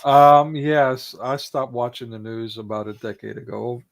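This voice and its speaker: American guy hosting a chat stream, super gravelly voice, laid back, lots of ums. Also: medium pitch, measured pace. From United States. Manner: relaxed, thoughtful, with many ums. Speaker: podcast host. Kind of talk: casual conversation.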